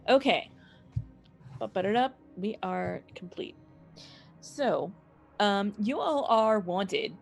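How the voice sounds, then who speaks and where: A woman's voice: medium pitch, animated, slow pace, creaky, long pauses, soft background music. A woman running a tabletop game as game master, talking through the scene with many fillers and some friendly teasing.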